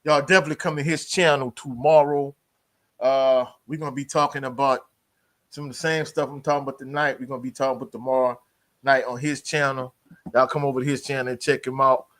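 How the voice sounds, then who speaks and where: A man hosts a live college sports stream with a relaxed, easygoing delivery. His speech is loose and slangy, and he keeps calling out to viewers in the chat. His voice sits at an ordinary mid pitch. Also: brisk. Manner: laid-back, slangy, greets chat members. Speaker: sports livestream host. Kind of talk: casual live sports talk.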